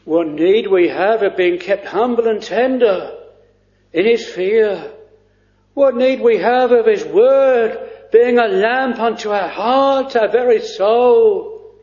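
A man preaching a sermon in an earnest, hesitant way with frequent pauses. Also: high-pitched, darkish tone. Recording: dull lo-fi recording.

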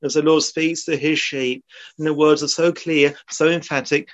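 A man's voice: fairly high pitch, steady tone, normal speed. A man preaching a sermon in a solemn, earnest way, often quoting old scripture. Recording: dull lo-fi sermon recording.

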